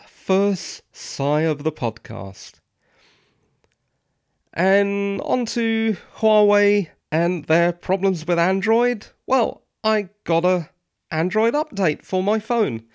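A man's voice: high-pitched, expressive, takes it slowly, clear, resonant tone, dry recording, clean studio sound. A man hosting a solo podcast, giving opinionated, wry and dryly sarcastic commentary. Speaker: podcast host.

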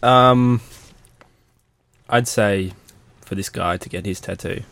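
Laid-back lower-voiced man. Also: slow pace, creaky, fairly bright tone, no room sound. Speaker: podcast co-host. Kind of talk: casual podcast chat.

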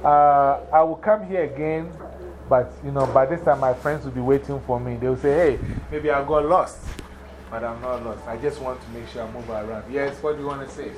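A man's voice: mid-range voice, steady tone, brisk, a little mellow, a little hiss or hum, low-quality recording. A man with an African accent giving a motivational talk to schoolchildren, emphatic and repetitive, often checking that they understand. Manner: emphatic, repeats points and checks understanding with questions. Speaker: guest speaker to schoolchildren. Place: school classroom.

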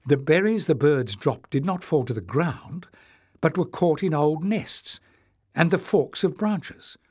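A man's voice: a little high, lively intonation, a little slow, darkish tone, husky, no echo, studio quality, pitched above the performer's own voice. A man voicing an eager young male adventurer in an audiobook, speaking earnestly. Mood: explaining.

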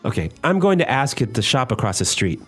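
A man's voice: medium pitch, big pitch swings, a little fast, husky, faint music behind. A man from North America hosting a language lesson podcast, asking leading questions and laughing often. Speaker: podcast host.

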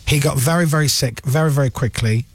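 A man's voice: mid-range voice, quick pace, no echo. A man hosting a radio talk show, giving his blunt opinions and mocking a politician. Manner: mocking, does voices of politicians. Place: radio studio.

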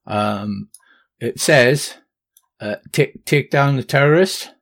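A man's voice: mid-range voice, slow pace, a bit bright. A man narrating a tabletop game as game master, with many ums and restarts. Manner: hesitant, lots of ums and restarts.

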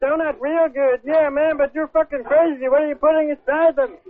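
A man's voice: extremely high pitch, fairly even intonation, fairly quick. A man on a prank call putting on a rude, accusing fake detective character. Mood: blustering. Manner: blustering, insulting, shouting at times. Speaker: prank caller. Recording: tinny phone line.

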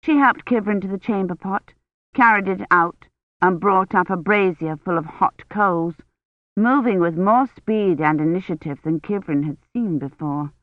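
Woman reading an audiobook, steady, sounds like over a phone, dead dry. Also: mid-range voice, moderate pace, dry recording, lo-fi sound. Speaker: audiobook narrator. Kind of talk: scripted narration.

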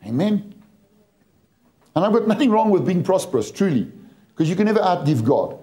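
A man's voice: high-pitched, big pitch swings, normal speed, warm tone. A man from England preaching a sermon, storytelling with humor to a church. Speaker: pastor.

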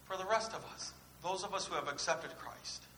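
A man's voice: high-pitched, normal speed, pushed and bright. A man preaching a sermon as pastor, earnestly putting questions to his congregation. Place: church. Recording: echoey church room with faint hiss.

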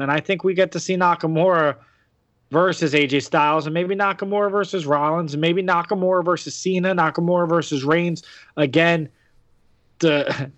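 A man's voice: fairly high pitch, a bit bright, no room sound, muffled recording. An American man hosting a podcast, chatting casually about wrestling with lots of fillers and restarts. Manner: rambling, many fillers and restarts. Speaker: podcast host.

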